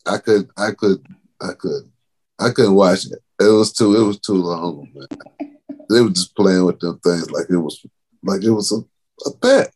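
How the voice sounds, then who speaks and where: A man's voice: deep voice, unhurried, a little mellow, breathy edge. A man rambling in a casual chat, exasperated as he tells it.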